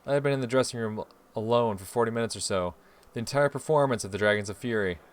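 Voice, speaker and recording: A man's voice: medium pitch, quick pace. A man hosting a game playthrough, reading the story aloud expressively with swearing asides. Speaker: let's play host.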